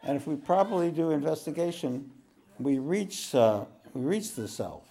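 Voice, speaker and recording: A man from the American East Coast giving a relaxed spoken teaching to a group, clearing his throat often and joking now and then. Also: a little high. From East Coast of the United States. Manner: slow, wandering delivery with frequent throat clearing and jokes. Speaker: spiritual teacher.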